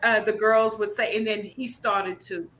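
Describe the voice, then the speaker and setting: A woman hosting a live conversation, telling stories with lively acted quotes. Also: mid-range voice, a little slow, poor audio. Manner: animated storytelling with acted quotes. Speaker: host.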